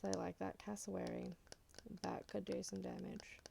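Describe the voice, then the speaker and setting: Gravelly soft-spoken Australian woman. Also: medium pitch, little pitch movement, moderate pace, a little hiss or hum. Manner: rambling, chatty, drifting in and out of whisper. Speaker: ASMR creator. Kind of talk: soft-spoken ASMR chat.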